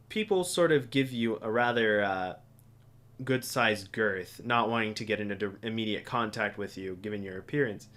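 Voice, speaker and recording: Man, game master narration, relaxed, lowish and bright. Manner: relaxed, with frequent filler pauses.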